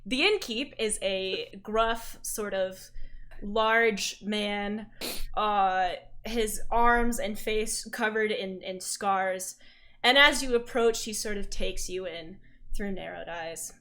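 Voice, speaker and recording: A woman's voice: medium pitch, slow pace, fairly bright tone. A woman game master setting the scene in a tabletop game with descriptive narration.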